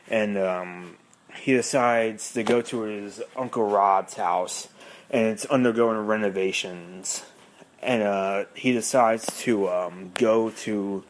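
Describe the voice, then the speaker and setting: A man with a fairly low voice hosts a podcast and talks through a film plot casually. He rambles and hesitates, circling back when he is unsure of the details. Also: a little hiss or hum. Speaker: podcast host.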